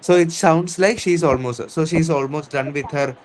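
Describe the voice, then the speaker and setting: An English teacher with an Indian English accent reads a story aloud in an online class, his voice a little high and the recording rough. He explains each word slowly and patiently, often repeating himself and restarting.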